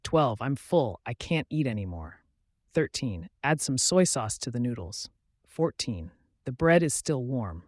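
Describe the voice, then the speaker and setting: A man reading numbered everyday phrases slowly and clearly for learners. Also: mid-range voice, big pitch swings, no echo, clean studio sound. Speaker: English teacher.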